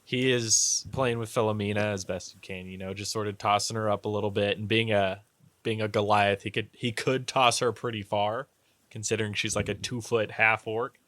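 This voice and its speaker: A man's voice: lowish voice, little pitch movement, moderate pace, fairly bright tone, dry recording. A man narrating as game master in a loose, rambling way. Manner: loose, rambling, many fillers and restarts.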